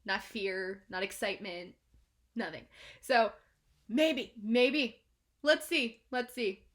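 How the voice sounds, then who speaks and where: A woman reviewing an album in a reaction video, excitable and swearing, swinging between hushed whispers and shouts. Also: a little high, slow pace. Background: album music playing.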